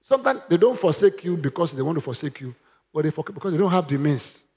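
A man's voice: on the high side, very animated, fast, a little mellow. A man preaching a sermon, emphatic and calling on the congregation to repeat after him. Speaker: pastor.

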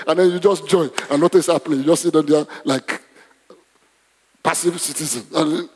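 A man's voice: fairly high pitch, lively intonation, normal speed, long pauses, breathy edge. A man preaching a conversational sermon in a church, often asking the congregation questions. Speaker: pastor. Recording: long hall reverb.

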